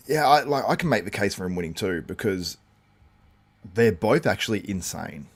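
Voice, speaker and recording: Low-pitched man, live stream host, casual commentary, rambling, lots of fillers, answers chat comments. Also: lively intonation, a little slow. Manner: chatty, reacts to viewer comments; loose and rambling with frequent fillers.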